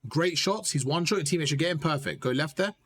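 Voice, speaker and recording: A man coaching a player through gameplay footage, direct and animated, repeating his points and calling him bro. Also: fairly high pitch, quick pace. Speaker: gaming coach.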